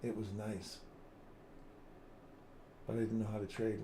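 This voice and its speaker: A man with a somewhat low voice runs a casual live trading stream. He drifts into rambling, chuckle-filled stories, then thinks aloud as he works through the chart. Faint background noise sits under his voice. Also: expressive, normal speed, long pauses, warm tone. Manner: rambling, chatty anecdotes with frequent chuckles.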